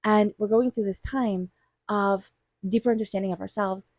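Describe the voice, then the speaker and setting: A woman's voice: medium pitch, steady tone, moderate pace, a little mellow, no echo, studio quality. A woman giving a weekly tarot reading in a chatty way, often acting out quoted thoughts. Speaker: tarot reader.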